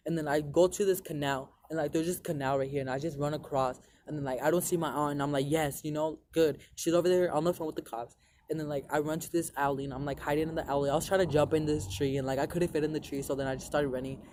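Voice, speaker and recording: A man's voice: a little high, steady tone, quick pace, darkish tone, slight background noise. A young man telling a long personal story to his viewers in a rambling, profane way, full of "like" fillers. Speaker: vlogger. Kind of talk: casual storytelling to camera.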